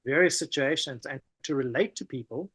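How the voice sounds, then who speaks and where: Animated South African man telling stories. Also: medium pitch, a little fast, slightly rough, no room sound. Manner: animated, peppers talk with "man" and "you know". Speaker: podcast guest. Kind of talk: casual conversational storytelling.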